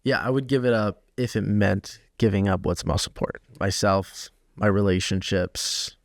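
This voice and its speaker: A man's voice: on the low side, steady tone, normal speed, creaky, no room sound, studio quality. A man hosting a podcast, answering his guest with thoughtful, agreeable replies. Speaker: podcast host. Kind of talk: conversational interview.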